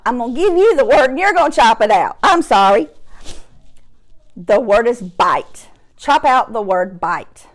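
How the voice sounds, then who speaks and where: A woman leads a phonics lesson for young children. Her voice sits a little high and she speaks slowly and deliberately, stretching out each sound so small listeners can follow. She gives them steady, patient encouragement. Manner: slow, clearly segmented sounds, encouraging. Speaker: teacher.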